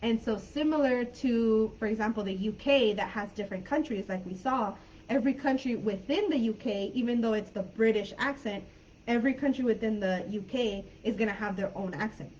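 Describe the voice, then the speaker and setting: An American woman with a fairly high voice teaches a live online English class, chatting with her students and answering them by name. The sound is dull and lo-fi, like computer-mic audio from a video call, with a faint hiss underneath. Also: a little fast, a little mellow. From United States.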